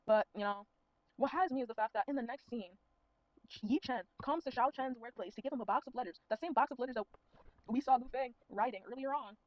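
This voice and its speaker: A woman's voice: mid-range voice, dry recording, rough recording. A woman recapping a movie in a casual, sassy, profane way, full of running commentary. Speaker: movie reviewer. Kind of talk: casual spoken film recap.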